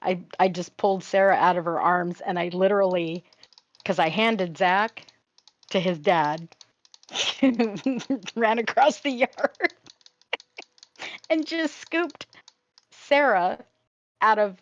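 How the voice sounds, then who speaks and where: A woman's voice: mid-range voice, takes it slowly, long pauses. An older woman chatting casually with her sister on a crafting livestream, telling family stories with frequent laughs. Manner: chatty storyteller, laughs often. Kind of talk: casual chat with a sibling on a livestream. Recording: dry, slightly dull home stream audio.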